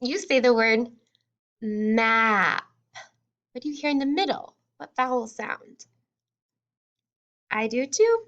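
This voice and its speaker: A woman kindergarten teacher leads a phonics drill at an unhurried pace, her voice sitting a little high. She stretches out each sound and praises the children warmly. The recording sounds muffled and lo-fi. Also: lively intonation. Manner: encouraging, sounds out words slowly and distinctly. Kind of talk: slow, clear phonics lesson for young children.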